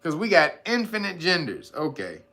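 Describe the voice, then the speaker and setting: A man hosting a casual livestream, talking straight to his viewers in a profane, animated way, laughing often and reading out chat guesses. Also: a little high, normal speed. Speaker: host.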